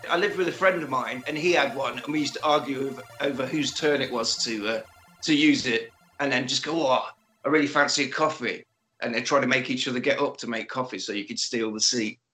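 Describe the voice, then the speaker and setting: A man co-hosting a podcast, recapping a film in casual chat with animated, joking retelling and acted-out quotes. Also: medium pitch, brisk, faint music behind. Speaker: podcast co-host.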